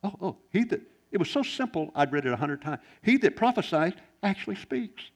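A man preaching a sermon, shifting between loud exclamations and hushed, quiet lines. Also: sits high, big pitch swings, brisk. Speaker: pastor.

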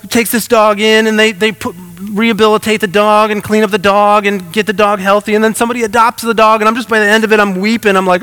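A man preaching with a high, bright voice, earnest and conversational, with self-deprecating asides. His words ring out with a long reverb, as if in a large sanctuary. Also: little pitch movement, quick pace, hardly any pauses, clear, resonant tone. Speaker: pastor. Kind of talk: sermon.

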